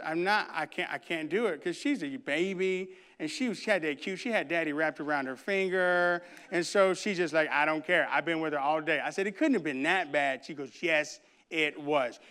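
A man's voice: fairly high pitch, normal speed, pushed and bright, clean tone. A man preaching a sermon, telling a funny family story and acting out the dialogue before turning to scripture. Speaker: pastor.

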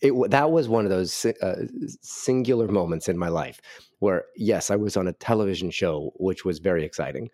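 A man's voice: deep voice, a little fast, mellow, no room sound, clean studio sound. A man playing as a guest in a game, chatting casually in a playful, eager, joking way. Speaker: guest player.

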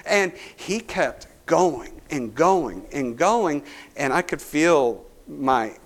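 A man's voice: fairly high pitch, lively intonation, very slow. A male pastor, preaching a sermon through a folksy personal story full of restarts.

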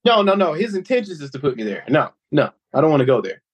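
A man's voice: on the high side, big pitch swings, quick pace, breathy edge, no echo, highs cut off. A man as a podcast guest in casual chat, laid-back and joking in short replies.

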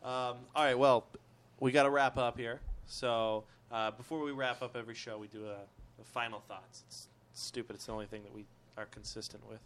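A male podcast host, laid-back and self-deprecating as he wraps up. His voice sits at an ordinary middle pitch. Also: fairly even intonation, brisk, hardly any pauses, fairly bright tone. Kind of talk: casual chat.

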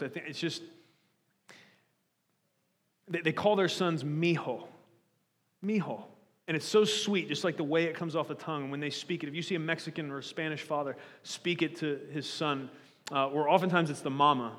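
A man preaches to a congregation in an earnest, pleading way, stumbling over and repeating words as he presses his point. His voice sits a little high for a man. Long reverb trails off each phrase, as in a church hall. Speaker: pastor. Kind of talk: sermon.

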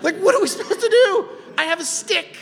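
A man voicing a flustered ancient prophet, exasperated, his voice jumping high and loud. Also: animated, a little fast, big-room sound. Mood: panicked.

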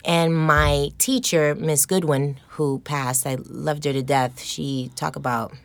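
Low-voiced woman salon owner telling stories. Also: slow, gravelly, dry recording. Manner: lively, direct, in-your-face storyteller. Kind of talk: storytelling interview answers.

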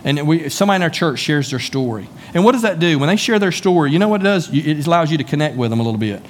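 A man's voice: a little high, expressive, very fast, slight background noise. A man with a Southern US accent preaching a sermon as pastor, folksy and conversational, often repeating words as he goes. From Southern United States. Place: church sanctuary.

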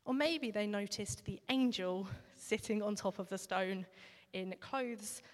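A woman preaches in a relaxed, reflective, conversational manner. Her voice sits at an ordinary middle pitch. A long reverb trails behind her, as in a large church hall. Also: unhurried. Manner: reflective, conversational with occasional fillers. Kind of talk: sermon.

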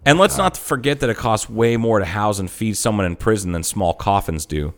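A man's voice: on the low side, expressive, moderate pace. A middle-aged man co-hosting a podcast, chatting casually with irreverent jokes and frequent restarts. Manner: irreverent, joking, trails off and restarts. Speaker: podcast co-host. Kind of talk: casual chat.

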